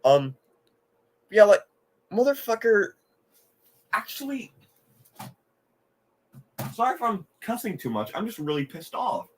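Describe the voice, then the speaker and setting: A man's voice: sits high, very animated, unhurried, pauses often, a little hiss or hum. A man hosting a live game reaction, ranting with exasperation, swearing often and laughing at what he watches.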